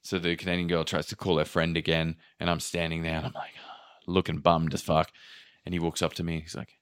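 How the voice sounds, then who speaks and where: The voice is low-pitched and monotone yet a bit bright, clear and resonant, moving at a brisk pace. It belongs to a podcast host casually describing a chaotic trip, swearing freely and acting out quotes.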